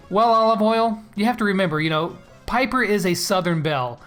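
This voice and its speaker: A man's voice: high-pitched, expressive, brisk, fairly bright tone, faint music behind. Upbeat joking man hosting a gaming Q&A. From California. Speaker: gaming YouTuber. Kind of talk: casual Q&A vlog with gameplay commentary.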